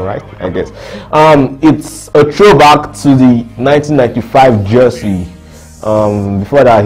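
A young Nigerian man with a Nigerian accent, reading out fan reactions in a lively, slangy casual chat. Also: lowish voice. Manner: lively, mixes Pidgin slang, laughs a lot.

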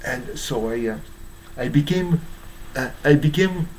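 A man with a Japanese accent, hoarse from strain, giving a halting monologue full of fillers and restarts. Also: mid-range voice, animated, a little mellow, a little hiss or hum, low-quality recording. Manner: halting, many fillers and restarts, searching for English words. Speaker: YouTuber. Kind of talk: slow rambling monologue.

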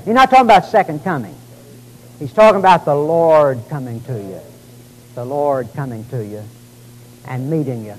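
A man preaching a sermon in a folksy, dramatic way, calling his listeners folks and swinging from exclamations to quiet lines. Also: lively intonation, moderate pace, pauses often, poor audio. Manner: dramatic preaching, rising to exclamations and dropping low. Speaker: pastor.

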